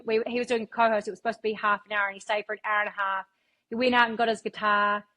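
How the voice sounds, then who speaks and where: A woman's voice: fairly high pitch, fairly bright tone. A woman, a radio broadcaster telling stories as a guest in a casual interview, swearing freely. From New Zealand. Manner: chatty storyteller, swears freely.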